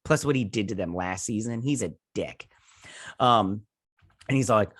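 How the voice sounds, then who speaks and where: A young man hosting a review channel, retelling a TV episode in an excited, rambling way full of "he's like". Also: deep voice, moderate pace, dry recording, studio quality. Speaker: host and TV reviewer. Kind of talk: casual episode recap.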